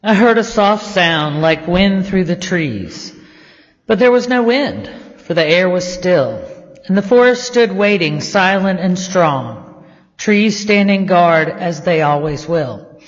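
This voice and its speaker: A man, a state legislator, slowly reciting a devotional poem as the opening prayer, gentle and measured, letting line ends fall to a hush. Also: high-pitched, animated. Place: legislative chamber. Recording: dull, echoey chamber audio.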